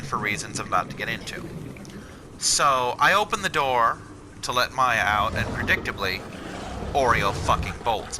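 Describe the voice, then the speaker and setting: A man's voice: fairly low pitch, noisy background. A man telling a long casual story in a rambling, profane way, with frequent asides. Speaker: vlogger.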